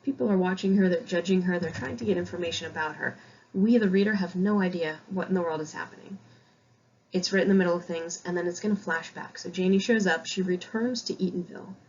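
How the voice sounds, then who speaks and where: A woman from Connecticut, a high school English teacher, explaining a novel in a chatty, self-deprecating recorded lecture. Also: fast talker, darkish tone, breathy edge, highs cut off.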